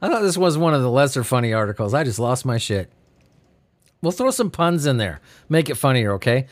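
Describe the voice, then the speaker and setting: A man's voice: mid-range voice, sing-song, fairly quick. A man hosting a podcast, reading odd news stories in a giddy, sleepy, laughing way and swearing freely. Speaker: podcast host. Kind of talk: casual comedic news commentary.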